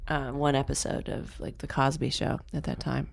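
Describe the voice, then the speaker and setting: Middle-aged lady with a low voice rambling thru stories, lots of "like". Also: normal speed, creaky. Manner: animated storytelling, lots of "like". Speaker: guest actress. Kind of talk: casual chat.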